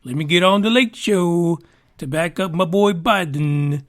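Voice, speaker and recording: A high-pitched man hosts a casual news podcast, reading out stories and riffing on them. His delivery is sarcastic and animated, and he swears freely. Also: unhurried. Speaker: podcast host.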